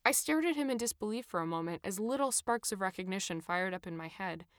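A woman reading her own first-person travel memoir with expressive, animated storytelling. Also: mid-range voice, fast talker, no echo, studio quality. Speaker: narrator.

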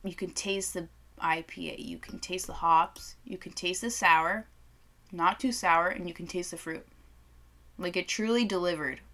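A woman's voice: on the low side, normal speed. A young adult woman chatting casually as a beer-review co-host, telling stories and swearing freely. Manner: lively, profane storyteller. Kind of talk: casual chat.

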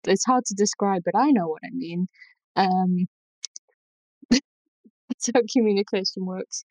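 A woman's voice: mid-range voice, a little slow, darkish tone, no echo, rough recording. A woman with a Lancashire accent explaining food history in a casual chat, thoughtful and full of ums. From Lancashire, England.

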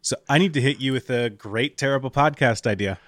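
A man co-hosting a comedy podcast, explaining a story in a sarcastic, deadpan way during casual chat. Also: medium pitch, brisk, dry recording, clean studio sound. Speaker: podcast co-host.

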